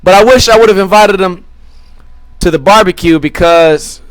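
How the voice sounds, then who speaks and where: A man's voice: sits high, moderate pace, no room sound. A young man hosting a podcast, telling a rambling, crude story full of swearing and acted-out quotes. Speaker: podcast host. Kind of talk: casual storytelling.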